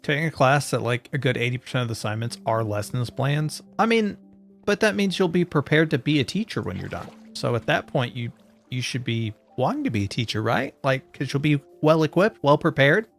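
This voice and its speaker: A man chatting casually with his viewers while he plays, rambling from one joke to the next. His voice sits at an average pitch, and faint game music plays quietly behind him. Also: big pitch swings, fairly quick, gravelly. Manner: rambling and joking, talking to chat. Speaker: streamer.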